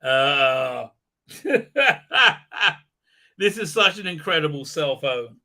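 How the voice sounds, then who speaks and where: A man's voice: on the high side, lively intonation, slow pace, bright, forceful tone. A man hosting a livestream, giving scornful, sarcastic commentary that halts and restarts often. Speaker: livestream host. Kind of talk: ranting pop-culture commentary.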